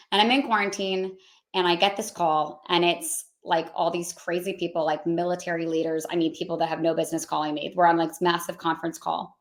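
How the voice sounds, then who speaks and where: A woman, a podcast guest, telling a personal story in a fast, excitable way, peppering it with fillers. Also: lowish voice.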